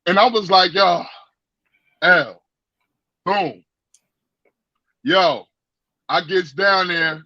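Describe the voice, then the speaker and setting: High, bright-voiced man telling a wild story. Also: extremely slow, long pauses, no echo, dull audio. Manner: animated, profane, stammering restarts. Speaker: guest. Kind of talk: casual storytelling.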